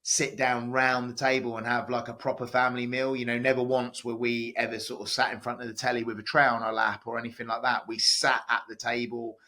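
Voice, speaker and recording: A chatty man tells stories as a podcast guest, his voice bright and forceful. He talks loosely, full of fillers and restarts. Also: mid-range voice, level tone, a little fast, few pauses. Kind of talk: casual podcast interview.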